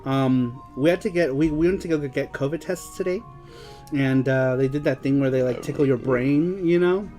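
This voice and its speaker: A man's voice: medium pitch, normal speed, warm tone, soft background music. A young man co-hosting a casual show who keeps breaking into fits of giggling. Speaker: podcast co-host. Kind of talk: casual chat.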